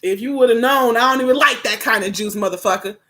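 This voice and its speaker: A young woman reads tarot live on stream, her voice sitting a little high. She talks in blunt, slangy, profane bursts and laughs loudly and often. The tone stays casual and frank. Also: fast. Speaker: tarot reader.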